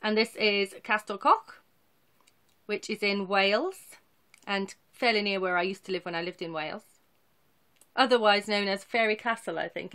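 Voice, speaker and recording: A woman's voice: mid-range voice, fairly bright tone. A woman in her thirties with a mid-range voice, chatting to camera as she shows off her needlework. She rambles from one thought to the next and laughs at her own mistakes. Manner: rambling, chatty, self-deprecating. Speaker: cross-stitch vlogger. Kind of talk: casual chatty show-and-tell.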